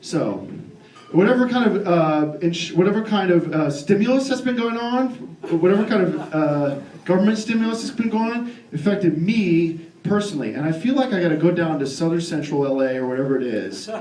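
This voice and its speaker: A man doing character stand-up as an indignant ranting loudmouth, with many restarts. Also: high voice, expressive, brisk. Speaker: stand-up comedian. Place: live comedy venue. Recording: echoey live club recording from far off, crowd laughing.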